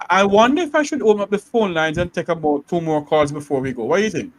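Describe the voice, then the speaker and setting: A man's voice: fairly high pitch, animated, fast talker, a little hiss or hum. A man hosting a live call-in talk show, greeting each caller and affirming them briefly.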